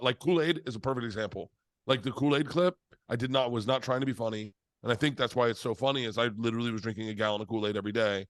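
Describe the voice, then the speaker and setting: A middle-aged man telling stories in a casual interview, animated and profane, acting out the voices of people he quotes. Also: mid-range voice, no echo. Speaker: comedian being interviewed.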